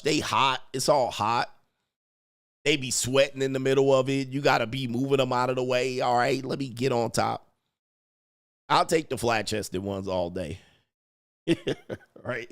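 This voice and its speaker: A man's voice: medium pitch, creaky, fairly bright tone. A man hosting a show, telling crude comedic stories in heavy slang and acting out quotes. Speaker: podcast host. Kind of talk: crude comedic riffing to a live chat.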